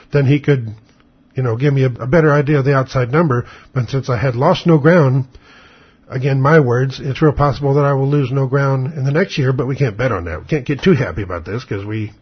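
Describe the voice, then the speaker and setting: A blunt older man with a husky voice rambles through a casual story, full of sarcasm. The recording is dull and lo-fi. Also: medium pitch. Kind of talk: casual spoken monologue.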